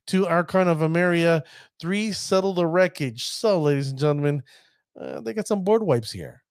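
A man giving casual commentary on a card game deck, chatty and addressing his viewers as ladies and gentlemen. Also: a little high, expressive, moderate pace, no room sound, clean studio sound.

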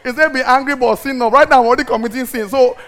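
A man's voice: very high voice, fairly even intonation, racing, background noise. A middle-aged man preaching a sermon who tells a comic story, acts out his own anger and laughs as he goes. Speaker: pastor.

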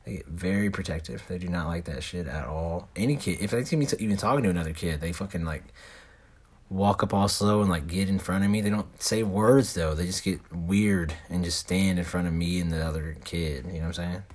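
Deep husky man swearing casually. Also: a little fast, darkish tone. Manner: heavy swearing, laid-back slangy rambling. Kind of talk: casual storytelling.

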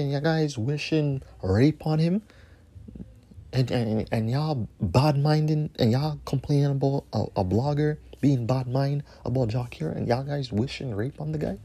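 A man hosts his podcast alone, ranting angrily with heavy swearing. He hammers his points by repeating phrases again and again. His voice has a mellow, darker tone. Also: a little high, measured pace. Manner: angry, profane, repeats phrases for emphasis. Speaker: podcast host. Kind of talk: heated solo rant.

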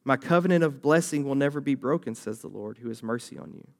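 A man's voice: medium pitch, fast, gravelly. A young man preaching a sermon as a youth pastor, talking conversationally and acting out voices from the story.

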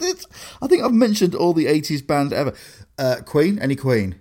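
A man in casual chat, excitable and quick to exclaim. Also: on the high side.

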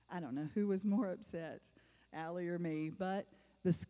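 A middle-aged woman testifies before her church congregation in a mellow, lowish voice, taking her time and leaving long pauses. She repeats phrases emphatically for effect as the sound echoes with a large hall's long reverb.

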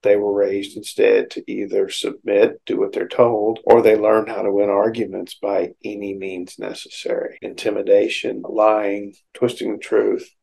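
Gravelly low-voiced male therapist. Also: flat delivery, unhurried, few pauses, dark tone, poor audio. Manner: conversational, explains through everyday examples. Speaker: psychotherapist. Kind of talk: informal educational talk.

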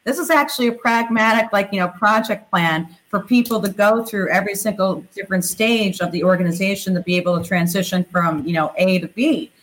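Woman, interview guest, mid pitch, chatty, filler-heavy. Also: a little fast, hardly any pauses, rough recording. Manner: animated, leans on "you know" and "like". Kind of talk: conversational interview.

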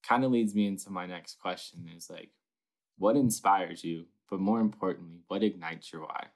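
A young man from Northern Kentucky hosting a casual interview, chatty and animated, filling his speech with "like". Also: low voice, normal speed. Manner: chatty and animated, with constant "like" fillers. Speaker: interviewer, host.

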